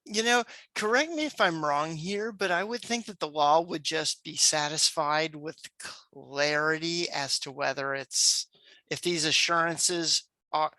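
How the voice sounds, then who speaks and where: Co-host guy, slow careful talker, bright voice, dry sound. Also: fairly high pitch, dry recording. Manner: tentative, asks questions to check understanding. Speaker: podcast co-host. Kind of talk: casual discussion.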